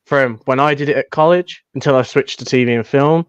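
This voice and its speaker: A man's voice: mid-range voice, brisk, clean tone, no room sound, muffled recording. A young British man, a fan filmmaker, chatting casually and rambling with many restarts. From United Kingdom. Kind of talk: casual chat.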